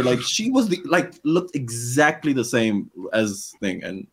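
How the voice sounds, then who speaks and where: Husky, animated young man. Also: a little high, normal speed, few pauses. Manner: animated, exclaiming, laughs often. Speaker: podcast co-host. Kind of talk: casual group chat.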